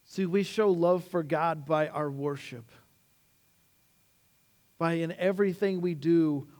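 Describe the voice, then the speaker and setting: A man pastor delivers a sermon in a high, light voice at an unhurried pace. He tells stories with animation, jumping up when he voices quotes, then sinks low and slow to land his main points. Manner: animated storytelling, acting out quotes with rising pitch; slows down and drops low on key words.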